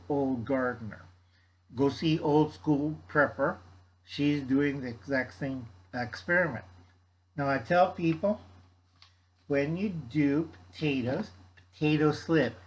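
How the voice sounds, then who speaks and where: An older man with a husky, slightly raised voice talks in a loose, rambling way, giving blunt gardening advice and scolding his viewers in a folksy tone. The recording is muffled and lo-fi. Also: fairly high pitch. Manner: blunt, scolding, folksy, refers to himself in third person. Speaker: gardening channel host. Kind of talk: casual rambling advice chat.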